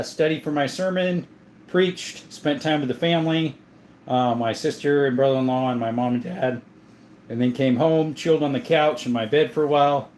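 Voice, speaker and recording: A chatty man hosting a laid-back livestream, his voice sitting a little higher than most men's. He greets viewers by name and talks in a loose, conversational way while reading the chat. A faint ambient noise hums underneath. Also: darkish tone. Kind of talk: casual live-chat talk.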